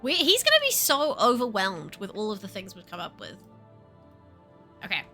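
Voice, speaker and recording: A young woman chatting casually on a livestream, animated, laughing often and swearing. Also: medium pitch, normal speed, soft background music. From New Zealand. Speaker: streamer.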